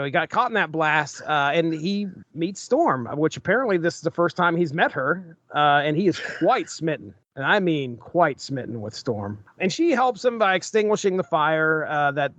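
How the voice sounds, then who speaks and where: A man's voice: a little high, fairly bright tone, dry recording, muffled recording. A man co-hosting a comics podcast, summarizing plots and laughing often in casual chat. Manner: laughs often, reads credits and plot summaries. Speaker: podcast co-host.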